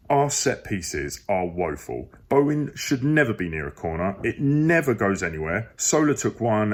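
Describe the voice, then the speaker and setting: A man reviewing a football match on his phone at home, rambling and exasperated, with emphatic outbursts. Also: lowish voice. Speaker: football fan channel host. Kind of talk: casual match review to camera.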